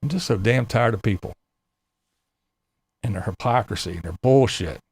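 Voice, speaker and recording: A man's voice: fairly low pitch, animated, normal speed, darkish tone, husky, no echo. A man hosting his own channel, delivering a profane, exasperated rant straight to his viewers. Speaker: channel host. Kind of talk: ranting vlog monologue.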